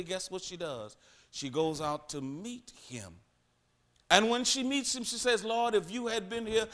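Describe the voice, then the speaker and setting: Male pastor, high and bright, dramatic sermon delivery. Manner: preaching with sudden swings from loud to hushed, acting out Bible voices.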